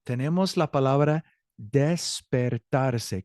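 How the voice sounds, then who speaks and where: A man's voice: on the low side, normal speed, darkish tone, dry recording, clean studio sound. A man teaching a Spanish class to students, encouraging them and correcting himself as he goes. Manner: upbeat, encouraging, self-correcting. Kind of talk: online class lesson.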